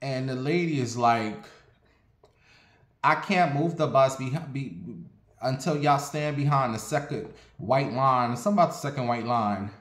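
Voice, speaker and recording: A man from Ohio telling a casual story in an animated, profane, dramatic way. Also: medium pitch, measured pace. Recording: roomy echo.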